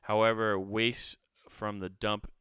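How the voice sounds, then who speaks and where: A man's voice: on the low side, little pitch movement, slow, a bit bright, clean tone, no room sound, studio quality. A young man reading a story aloud and reacting to it with rambling, profane asides. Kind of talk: casual reaction commentary.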